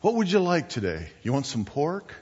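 A man's voice: fairly high pitch, wildly swooping pitch, normal speed, a little mellow, slightly rough, full character voice. A man voicing a friendly, chatty butcher who asks his customer one question after another, heard as part of a church sermon recording. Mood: cheery. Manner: cheery, rising questions to a customer. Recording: dull recording with long hall reverb.

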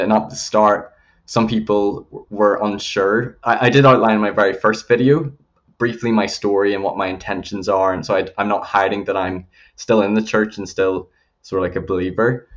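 A young man with a Northern Irish accent, talking earnestly as an interview guest, with frequent fillers. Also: lowish voice. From Northern Ireland. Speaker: guest, YouTube channel creator. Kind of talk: casual interview conversation. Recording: slightly dull lo-fi audio.

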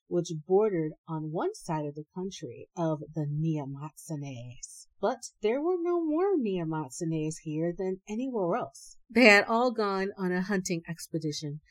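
A woman storyteller reading a folk tale aloud, with playful, animated asides. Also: on the low side, no echo, low-quality recording.

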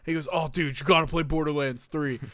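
A man with a smooth, fairly high voice chats loosely and mocks himself, laughing as he goes. The recording is dry and close. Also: steady tone, a little fast, a bit bright, dry recording. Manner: loose, self-mocking, laughing. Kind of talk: casual chat.

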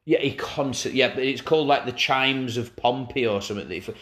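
A man's voice: mid-range voice, fast, a bit bright. Wry, sweary man telling stories. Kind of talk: casual banter.

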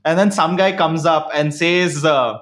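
A man with a fairly high speaking voice, chatting casually on a podcast. He tells stories in an animated way and breaks into laughter often. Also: a little slow. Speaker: podcast co-host. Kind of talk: casual chat.

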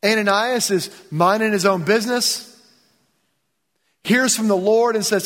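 High-voiced male pastor in a reverberant church. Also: a little slow, pauses often, a bit bright. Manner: casual storytelling, acts out biblical dialogue in everyday speech. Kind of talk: sermon. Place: church sanctuary.

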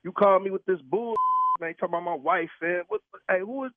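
A man's voice: high-pitched, brisk, no echo. Man on a tinny phone line, blunt. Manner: blunt street slang, swears, keeps asking who is calling. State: tired from work. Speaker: prank call target, truck driver. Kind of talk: phone conversation.

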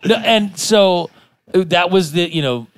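A man's voice: sits high, expressive, a little slow, smooth, no echo, studio quality. A man casually telling rambling, profane anecdotes as a podcast co-host, full of restarts. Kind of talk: casual storytelling chat.

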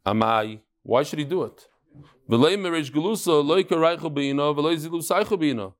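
Animated man teaching Talmud. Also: on the high side, normal speed. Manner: animated storytelling, mixes Aramaic and Yiddish terms. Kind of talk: lively Talmud class.

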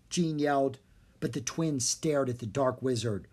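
A narrator reading a children's storybook aloud. The delivery is clear and expressive, with a medium-pitched voice. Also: unhurried. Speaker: audiobook narrator.

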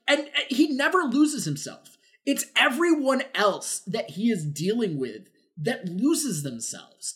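Lively rambling man reviewing films. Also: high-pitched. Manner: rambling, full of "like", swears often, acts out quotes. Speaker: podcast film reviewer. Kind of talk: casual chat.

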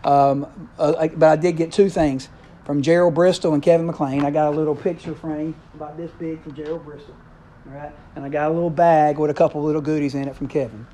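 Man preaching a sermon, mellow voice. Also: fairly high pitch, level tone, fairly quick. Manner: conversational, checks in with the congregation.

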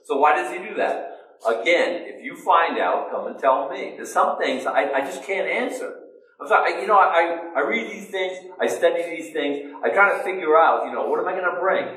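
Conversational pastor in an echoey church. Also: male voice, a little high, normal speed. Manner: conversational, self-questioning, animated. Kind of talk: sermon. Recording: echoey room, mic at a distance.

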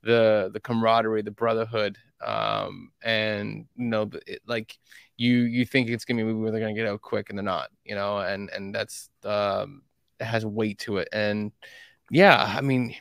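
A man's voice: on the low side, normal speed, vocal fry, smooth, dry recording, clean studio sound. Rambling, laughing man chatting about films. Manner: rambling, animated, lots of fillers and laughs. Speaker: podcast co-host. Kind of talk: casual movie discussion.

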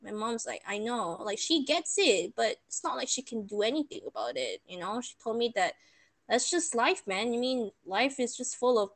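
A young woman with an animated, somewhat high voice chats casually at a moderate pace. She's a storyteller, emotionally retelling a bad experience.

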